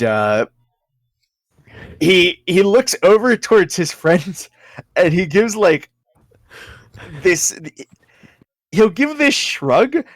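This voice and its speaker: Relaxed, rambling game master, unhurried, very dry recording. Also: mid-range voice, dry recording. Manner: rambling, giggly, lots of fillers. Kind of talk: narrating a tabletop game.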